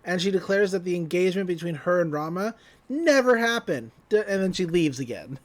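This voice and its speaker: A man co-hosting a podcast, recapping an episode in casual chat, laughing often and quoting characters in quick voices. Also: high voice, animated. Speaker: podcast co-host.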